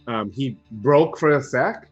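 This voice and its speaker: A man playing a tabletop game, talking in halting, wry bursts. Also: mid-range voice, slightly rough, highs cut off, faint music behind. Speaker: player. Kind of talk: in-character tabletop chat.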